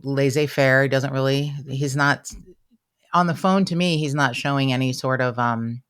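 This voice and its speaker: A woman's voice: rumbling low, moderate pace, clean tone. A woman co-hosting a casual true-crime podcast, retelling a conversation with quoted back-and-forth, blunt and self-mocking, with some swearing. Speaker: podcast co-host.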